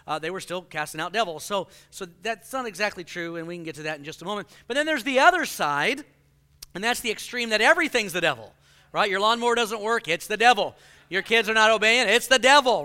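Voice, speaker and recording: A man preaching in a bright, clear voice that sits high for a male speaker. He talks in an animated, joking way. He acts out the people he quotes. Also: brisk. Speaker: pastor. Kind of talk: sermon.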